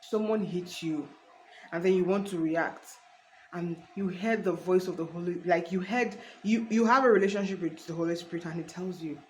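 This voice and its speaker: A woman's voice: on the low side, normal speed, a little mellow, slight background noise, rough recording. Earnest woman preaching casually. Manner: earnest and preachy, addresses viewer as honey; rambling with restarts. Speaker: faith vlogger. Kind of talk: casual faith talk to camera.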